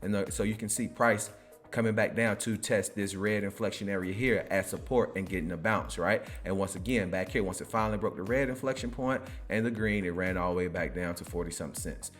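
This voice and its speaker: A man giving casual crypto chart commentary, chatty and loose, tagging nearly every line with a quick "right?". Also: lowish voice, faint music behind. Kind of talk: casual screen-share market commentary.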